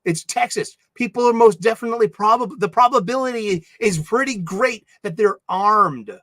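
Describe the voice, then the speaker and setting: Guy talking on a chill livestream, rambly and lively, kinda high voice, dry mic. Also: moderate pace, no room sound. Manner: rambling, animated, laughs often. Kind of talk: casual livestream chat. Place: home studio.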